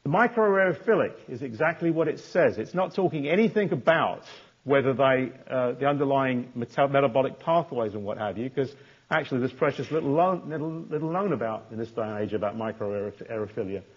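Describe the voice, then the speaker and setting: A man's voice: medium pitch, animated, fairly quick. A male lecturer giving a university lecture, stressing key terms and often restarting his words. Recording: dull lo-fi lecture recording.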